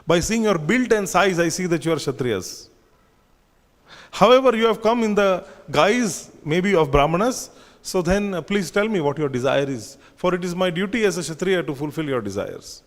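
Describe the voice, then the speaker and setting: A man leads a scripture class, his voice sitting a little high as he retells old stories. He talks with fillers and restarts. The sound carries a long reverb from a temple hall. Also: lively intonation, moderate pace. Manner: storytelling, with frequent fillers and restarts.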